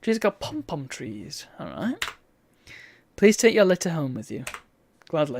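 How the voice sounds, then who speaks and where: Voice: mid-range voice, sing-song, normal speed. A streamer giving wry, bemused commentary while reading a game's text aloud. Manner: wry, bemused asides between read-out lines.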